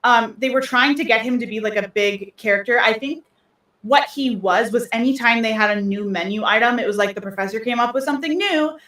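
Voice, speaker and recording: A woman's voice: fairly high pitch, fairly quick, fairly bright tone, far from the mic. Rambling woman in a roomy, off-mic recording. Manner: rambling, with many ums and restarts. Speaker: podcast co-host. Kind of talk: casual chat.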